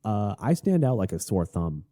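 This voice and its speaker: A man's voice: lowish voice, sing-song, moderate pace, mellow. A man hosting a podcast, telling a rambling, wry story in a casual rant without a Southern accent. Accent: none, not Southern. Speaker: podcast host.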